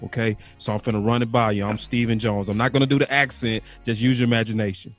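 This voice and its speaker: A man's voice: fairly low pitch, level tone, fast, few pauses, soft background music. A man hosting a sports podcast, playfully acting out a mock office scene as he quizzes a coach. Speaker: podcast host. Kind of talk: casual sports talk, playing out a scenario.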